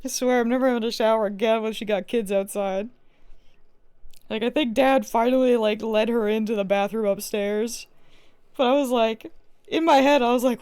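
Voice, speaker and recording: A young woman chats on her game stream from home, her voice sitting fairly high. She rambles through a story, tripping over her words and restarting often. The sound is close and dry, with no room around it. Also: steady tone, moderate pace, darkish tone, clear, resonant tone, no room sound. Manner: rambling, chatty storytelling with many restarts and fillers. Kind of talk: casual livestream chat while playing a game.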